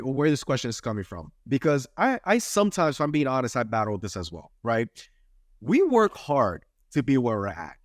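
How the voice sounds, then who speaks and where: Lively earnest man hosting a podcast. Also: a little high, no room sound, studio quality. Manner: earnest, preachy, lots of "right?" tags. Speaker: podcast host. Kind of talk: casual interview chat.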